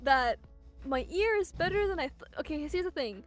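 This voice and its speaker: A woman talking as a singing student, chatty and rambling, thinking out loud about her voice. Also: high-pitched, expressive, faint music behind. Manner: chatty, rambling, quick laughs. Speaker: vtuber student. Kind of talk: casual chat in a vocal lesson.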